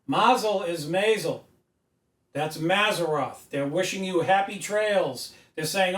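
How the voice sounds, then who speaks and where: A man's voice: high-pitched, takes it slowly. A man giving an emphatic, preachy lecture at a whiteboard, recorded by a camera mic from a distance in an indoor room. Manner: emphatic, preachy, rising to loud insistence. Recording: echoey room, mic far off.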